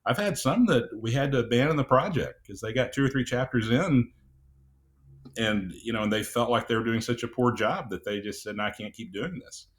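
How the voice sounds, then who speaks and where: A middle-aged man speaking as an audiobook producer and guest, talking in a measured, unhurried way with frequent "uh"s and restarts. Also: medium pitch, lively intonation. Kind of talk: casual interview chat.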